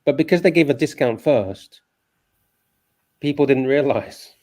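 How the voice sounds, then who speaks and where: A man co-hosts a loose livestream chat in a mid-pitched, ordinary voice. He talks with animated energy, slides into rants and laughs easily. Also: a little slow. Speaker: co-host.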